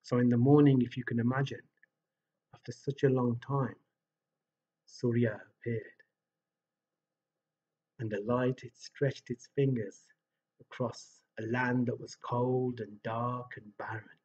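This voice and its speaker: Husky male storyteller, muffled sound. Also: medium pitch, unhurried, long pauses. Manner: animated, asks the listeners questions. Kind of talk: live oral storytelling for families.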